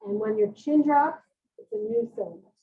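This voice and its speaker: A woman's voice: high voice, sing-song, moderate pace, vocal fry, narrow, tinny audio. A woman presenting a parent workshop on early reading, leading the audience through call-and-response sound drills.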